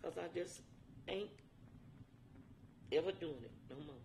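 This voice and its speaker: Brief: older woman, rough gravelly tone, plain testimony in dialect. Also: deep voice, unhurried, darkish tone, a little hiss or hum. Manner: dialect speech with emphatic repetition. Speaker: interviewee. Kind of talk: personal testimony. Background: music.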